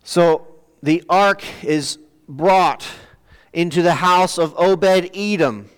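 Halting preacher in an echoing church. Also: male voice, high voice, smooth. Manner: halting, repeats words while searching for phrasing. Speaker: pastor. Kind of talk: sermon. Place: church sanctuary. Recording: long church reverb.

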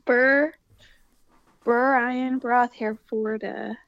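A woman chatting casually during a party word game, giggling and slowly repeating phrases as she works them out. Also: a little high, steady tone, a bit bright, muffled recording. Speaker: game player. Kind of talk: casual chat.

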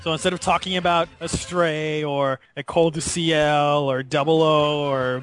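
A man hosting a podcast in casual discussion, animated and laughing often as he retells a story. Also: fairly high pitch, moderate pace, faint music behind. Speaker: podcast host.

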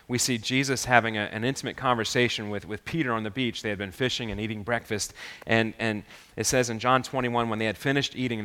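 Earnest preacher in an echoey hall. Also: male voice, on the low side, bright, forceful tone. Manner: earnest, halting with frequent restarts. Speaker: pastor. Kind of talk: sermon.

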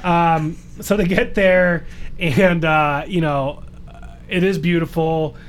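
A man's voice: fairly high pitch, fairly even intonation, slow, slight background noise. A man co-hosting a podcast, recapping a dating show in a joking, rambling way. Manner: joking, rambling, playful impressions. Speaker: podcast co-host. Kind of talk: casual recap chat.

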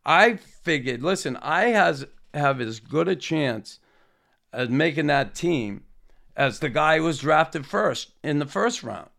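Gravelly man telling stories. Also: a little high, takes it slowly. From Boston area. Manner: animated, acts out quotes. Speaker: former hockey player. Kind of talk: anecdotal storytelling.

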